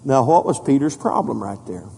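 A man preaching a sermon as pastor, reading scripture with rising emphasis and dropping low and soft for solemn points. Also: very animated, normal speed, creaky, slightly rough. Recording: hall reverb.

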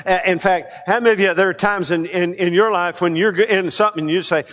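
A male pastor preaching a sermon, leading the congregation in call-and-response and swinging between loud emphatic lines and quiet asides. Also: high voice, steady tone, a little fast. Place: church sanctuary. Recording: long hall reverb.

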